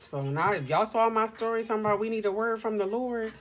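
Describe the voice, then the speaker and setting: A middle-aged woman hosting a casual livestream chat from home, telling stories in an animated, slangy way. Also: a little high, a little fast, soft background music. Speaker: livestream host.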